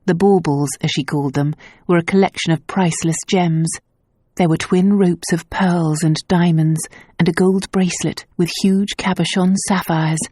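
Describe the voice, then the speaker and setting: A woman reading a novel aloud as an audiobook narrator, in a measured, even storytelling voice. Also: fairly low pitch, slightly rough, dry recording, clean studio sound. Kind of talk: scripted narration.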